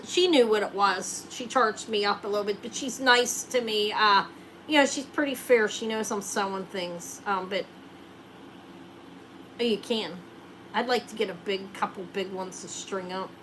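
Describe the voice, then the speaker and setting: A woman's voice: mid-range voice, normal speed, a bit bright, rough recording. Woman host of a live jewelry sale; casual, chatty, joking, slight background noise. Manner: chatty, joking, thinks aloud while showing rings.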